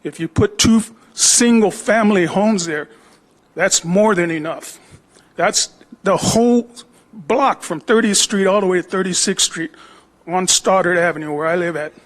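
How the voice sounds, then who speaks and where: A middle-aged man with a high-pitched voice complains to a city council. He speaks plainly and with rising grievance, asking pointed questions. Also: a little slow. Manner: aggrieved, plain-spoken. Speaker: homeowner at public comment. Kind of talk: city council public comment.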